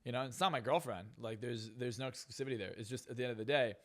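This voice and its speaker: A man's voice: mid-range voice, fast, a bit bright. A man on a podcast talking bluntly and profanely, ranting with strong opinions. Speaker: podcast guest. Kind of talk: casual podcast talk.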